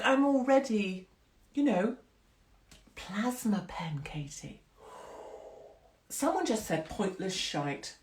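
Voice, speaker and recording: A woman's voice: mid-range voice, sing-song, takes it slowly, pauses often, a little mellow, roomy sound. A middle-aged woman hosting a live stream from home, chatting with viewers in a rambling, self-mocking way and swearing freely. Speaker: host of a live social-media stream. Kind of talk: casual chat with live viewers.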